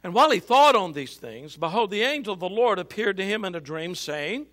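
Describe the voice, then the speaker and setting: A male pastor reading scripture and a book aloud dramatically in a church, swinging between loud and hushed. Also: high voice, sing-song, fairly quick, few pauses. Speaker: senior pastor. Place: church sanctuary.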